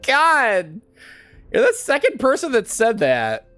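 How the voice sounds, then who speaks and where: A man's voice: very high-pitched, huge pitch swings, drawn-out words, long pauses, sharp tone, clean tone, faint music behind. Crude, joking male game streamer. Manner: crude, joking, laughs often. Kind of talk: live game stream commentary.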